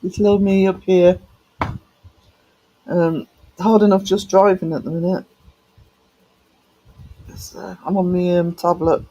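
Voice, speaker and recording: A man's voice: high voice, flat delivery, a little slow, long pauses, dark tone, poor audio. A man live-streaming and chatting casually with viewers, greeting them by name with affectionate pet names, his voice cracking a little.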